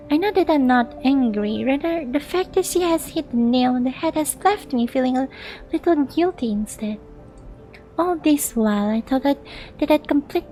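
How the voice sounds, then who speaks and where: A woman's voice: sits high, warm tone, rough recording. A young woman streaming a game, reading its dialogue aloud expressively with playful, giggly asides.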